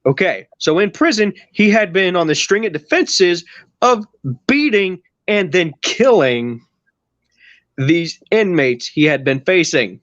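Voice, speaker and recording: A man's voice: high voice, big pitch swings, a little slow, a bit bright, dry recording, highs cut off. A man hosting a podcast, telling a long story in casual chat with a rambling, teasing manner. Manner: rambling, teasing, restarts a lot. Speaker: podcast host.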